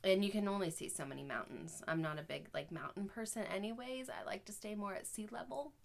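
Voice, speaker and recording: A woman's voice: medium pitch, fairly quick, vocal fry. A woman in her thirties co-hosting a family podcast, chatting casually, laughing often and talking openly about her feelings. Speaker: podcast co-host. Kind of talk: casual chat.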